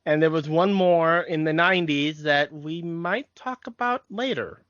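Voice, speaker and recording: A man's voice: on the high side, measured pace, a bit bright, dry recording. A man co-hosting a nostalgic podcast in casual chat, rambling and often restarting his sentences. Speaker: podcast co-host. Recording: dry, dull lo-fi podcast mic.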